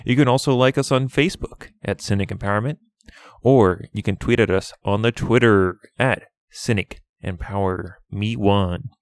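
A man reads a podcast outro and earnestly asks listeners to leave reviews. His voice sits low. The recording is dry and close. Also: normal speed, dry recording. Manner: plain, pleading for reviews. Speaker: podcast host. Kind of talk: scripted outro.

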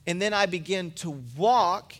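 A man's voice: high voice, measured pace, fairly bright tone. A man and pastor giving a sermon, preaching in a casual, storytelling way.

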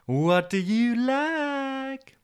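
A man voicing a pushy female AI shopping assistant in a high, very slow falsetto. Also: animated, clean tone, heavily acted. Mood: coaxing.

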